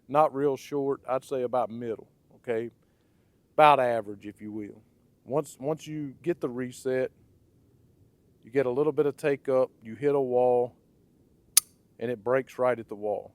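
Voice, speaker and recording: Man, raspy, hoarse, casual hands-on review, chatty, keeps checking in with "okay?", mid-pitched voice. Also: a little mellow. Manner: conversational, ends points with "okay?" and "right?". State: hoarse from blocked sinuses. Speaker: firearms reviewer.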